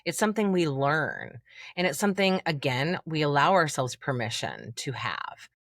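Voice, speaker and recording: A woman coach speaking in a podcast interview, talking freely and acting out inner voices with big jumps in pitch. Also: sing-song, moderate pace, a bit bright, no echo, clean studio sound. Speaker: confidence coach guest.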